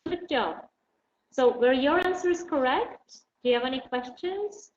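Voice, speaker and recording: A woman's voice: high voice, measured pace. A woman teaching an English class, asking students questions and encouraging them patiently. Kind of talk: online class lesson. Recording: dull roomy recording with faint noise.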